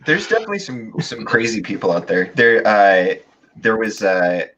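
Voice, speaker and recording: A man's voice: on the low side, big pitch swings, moderate pace, fairly bright tone, lo-fi sound. A man as a guest in a casual chat, telling stories with many fillers and restarts. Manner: rambling, hesitant with many fillers.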